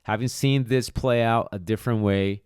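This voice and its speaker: A man's voice: lowish voice, steady tone, moderate pace, a little mellow, clean tone, no echo, studio quality. A man who trains dogs, hosting a podcast monologue and speaking bluntly and emphatically, with casual swearing. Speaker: dog trainer, podcast host.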